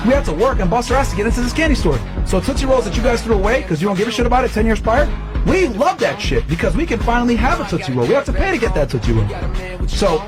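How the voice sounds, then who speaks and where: A man telling a crude, animated story in a casual podcast rant. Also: high voice.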